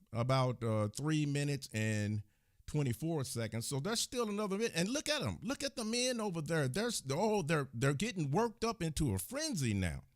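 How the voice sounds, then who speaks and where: A man's voice: fairly high pitch, dry recording, clean studio sound. A man hosting his own channel, delivering a heated, indignant commentary rant and scolding his viewers as he talks. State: agitated. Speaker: channel host. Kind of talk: angry commentary rant to the camera.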